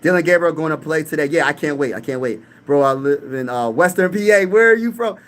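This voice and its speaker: Reading chat messages aloud, a young sports channel host from Pennsylvania trash-talks with lots of hype on a casual live stream. He speaks fairly quickly and animatedly in a slightly high, somewhat bright voice.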